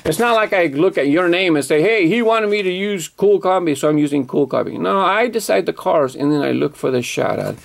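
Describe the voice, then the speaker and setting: Gravelly-voiced man chatting about collectibles. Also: a little high, lively intonation, fairly quick, hardly any pauses. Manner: chatty, self-correcting, enthusiastic about details. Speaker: toy car collector vlogger. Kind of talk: casual unboxing commentary.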